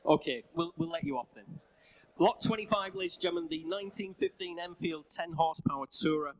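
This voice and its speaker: A man with a Northern English accent calling bids at a live car auction, with rapid patter and jokey asides. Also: high voice, animated, gravelly, rough recording. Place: auction sale room.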